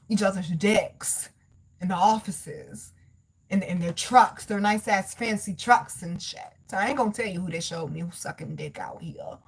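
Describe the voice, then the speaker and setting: A woman giving a casual spiritual tarot reading, reading scripture aloud in an emphatic, preachy way, blunt and profane, talking straight to her viewers. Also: breathy edge. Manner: emphatic and preachy, swings between loud exclamations and low asides. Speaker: tarot reader.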